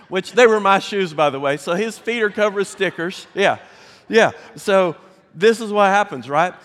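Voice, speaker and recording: A middle-aged man with a Southern American accent, a pastor telling a folksy, animated story with laughs during a sermon. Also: sits high. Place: large church sanctuary. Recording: long hall reverb.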